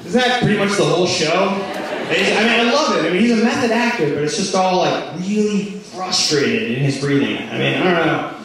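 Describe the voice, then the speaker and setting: A man doing a stand-up comedy set in a rambling style full of "like" fillers, with sudden loud outbursts. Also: sits high, lively intonation, normal speed, noisy background. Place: comedy club stage. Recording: echoey club recorded from far off with audience. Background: audience laughter.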